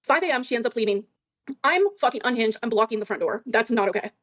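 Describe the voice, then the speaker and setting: A woman arguing defensively on a livestream, swearing often and talking in rapid bursts. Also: on the high side, fairly bright tone, dry recording, studio quality. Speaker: livestream guest. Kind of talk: heated livestream argument.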